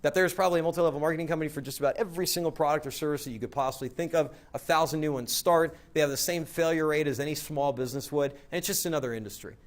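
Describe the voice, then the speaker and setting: A man's voice: a little high, very fast, few pauses. A man telling a casual, rambling story as a guest, filling his talk with "like" and "right?".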